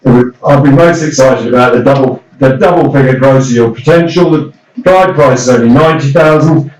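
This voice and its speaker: A man working as a property auctioneer, calling out bids briskly and coaxing bidders with light humour. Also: mid-range voice, a little mellow, reverberant, distant mic, low-quality recording. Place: auction room.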